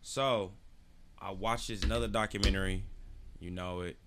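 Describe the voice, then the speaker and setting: A man's voice: low-pitched, fairly even intonation, normal speed, noisy background. A man hosting his own podcast, ranting casually in a loose, profane, slang-heavy storytelling style. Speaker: podcast host. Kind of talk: casual solo podcast rant.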